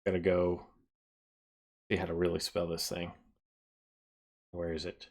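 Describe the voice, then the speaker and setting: Male streamer, unhurried, lowish voice, rambling and thinking out loud to chat. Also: completely flat delivery. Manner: rambling, thinks aloud, often trails off quieter. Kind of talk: casual live-stream chat.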